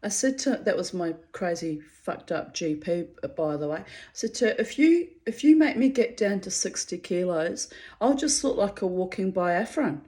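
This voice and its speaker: A woman's voice: fairly low pitch, animated, moderate pace, dark tone. A middle-aged woman rambles through a personal monologue in a chatty, self-mocking way. She breaks into laughter often as she talks. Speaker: vlogger.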